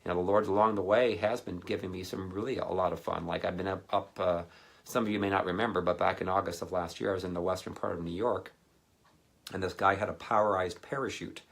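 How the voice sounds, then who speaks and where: A man with a low, gravelly voice tells a rambling personal story in a relaxed sermon. He drifts into animated quoted voices as he talks. His speech is loose and anecdotal, full of fillers and asides. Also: quick pace. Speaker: ministry speaker.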